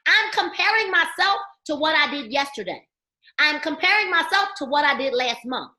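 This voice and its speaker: A woman with a high, bright voice delivers an emphatic motivational training talk, preaching and quizzing her listeners. Her voice carries a crisp edge and rings around an echoey indoor room. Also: lively intonation, normal speed, a little hiss or hum. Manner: emphatic, preachy, asks the audience questions. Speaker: network marketing trainer.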